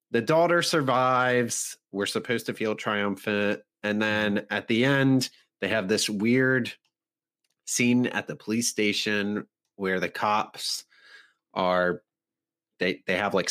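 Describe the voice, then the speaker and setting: A man with a fairly low voice recaps a film's plot in a casual podcast chat. He rambles from point to point and leans on ums and likes. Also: slow pace, a bit bright. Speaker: podcast co-host. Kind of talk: casual movie review chat.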